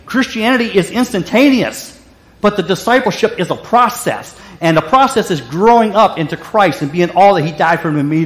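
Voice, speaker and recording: High-voiced man preaching in an echoey room. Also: expressive, moderate pace. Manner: emphatic, repeats phrases, frequent restarts. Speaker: pastor. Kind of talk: sermon.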